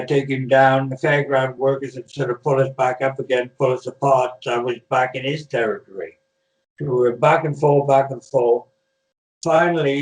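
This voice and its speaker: An older man from Britain, a retired wrestler, telling rambling stories in a casual interview over a video call, full of restarts and fillers. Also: mid-range voice. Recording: echoey room, far from mic.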